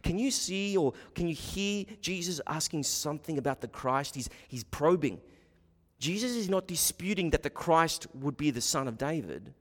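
A man's voice: on the high side, lively intonation, normal speed. A man preaching an expository sermon with an emphatic delivery that rises and falls and repeats words as he works through scripture. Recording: long reverb of a hall.

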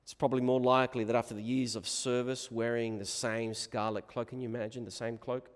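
A man preaching a sermon, moving between hushed reflection and loud, emphatic proclamation. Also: medium pitch, level tone, fairly quick. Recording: long reverb of a large hall.

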